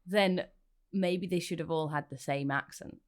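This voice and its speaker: A woman's voice: on the low side, a little slow. A woman co-hosting a film podcast, chatting casually in a playful, opinionated way. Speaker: podcast co-host. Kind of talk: casual film-review chat.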